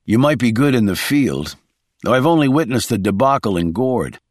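Give me a blunt male operative, as a narrator plays him, cool and clipped, lively pitch. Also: normal speed, dry recording, clean studio sound, natural voice. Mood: cold.

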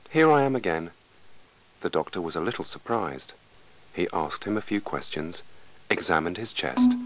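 A man with a low, deep voice reads a language lesson slowly and clearly, with a lively, expressive rise and fall. His reading is deliberate and carefully paced for learners. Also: poor audio. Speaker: lesson reader. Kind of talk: scripted lesson narration.

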